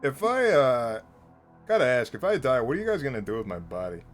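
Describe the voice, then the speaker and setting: A man playing a tabletop role-playing game, joking and quick to laugh with the others. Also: mid-range voice, big pitch swings, soft background music. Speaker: player. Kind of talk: tabletop role-play banter.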